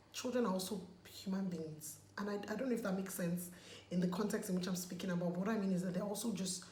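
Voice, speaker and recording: This woman is a Nigerian vlogger chatting casually as she removes her makeup. She sounds emphatic and pleading, repeating words for stress, in a medium-pitched, darkish voice. An echoey room and faint background noise are audible.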